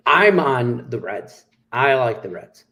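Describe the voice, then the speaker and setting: A man hosting a casual sports betting show, his voice sitting in a middle pitch. He jokes, laughs and teases his co-hosts while fighting off hiccups. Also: big pitch swings, slow pace, pushed and bright. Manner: joking, laughing, teasing. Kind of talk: casual chat.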